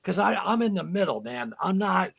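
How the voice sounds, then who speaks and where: Man, livestream host; gravelly and husky, profane, prone to fired-up rants. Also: very animated, moderate pace, fairly bright tone. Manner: profane, heated rants, voice climbing high when angry. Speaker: podcast host. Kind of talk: casual livestream chat.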